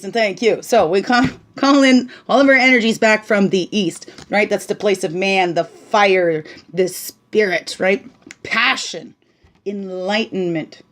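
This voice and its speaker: Reading oracle cards, a woman with a mid-range voice gives a casual spiritual teaching monologue. She's bubbly and chatty, often adding "right?" and drifting into soft, hushed asides.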